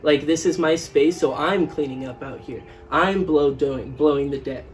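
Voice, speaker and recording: A man's voice: fairly high pitch, normal speed, far from the mic, faint music behind, poor audio. Rambling twenty-year-old man, off-mic. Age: 20s. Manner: rambling, restarts often, heavy use of "like". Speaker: podcast co-host. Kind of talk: casual conversational podcast.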